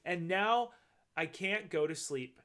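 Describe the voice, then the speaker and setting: A man's voice: sits high, lively intonation, takes it slowly, a bit bright, exaggerated voice. A man voicing a timid young male penguin in a storybook read-aloud, speaking nervously. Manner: nervous, jumpy.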